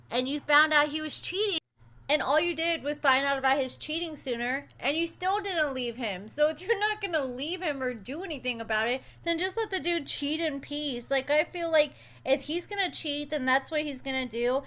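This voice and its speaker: A woman's voice: sits high, bright, forceful tone. A young woman casually recapping and commenting on a reality show, chatty and opinionated with sassy asides.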